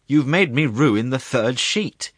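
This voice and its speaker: A fussy old judge, voiced by a man cries out in a higher, louder, tearful whine of complaint. The sound is dry and close. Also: expressive, slow pace, husky, no echo, full character voice. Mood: exasperated. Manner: loud, tearful, exasperated. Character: fretful older male presiding judge.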